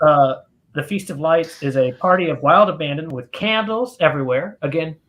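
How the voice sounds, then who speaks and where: A man's voice: fairly high pitch, normal speed, a bit bright. A man co-hosting a live podcast, joking with guests and steering the talk back to the book. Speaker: podcast co-host. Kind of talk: casual banter on a live podcast.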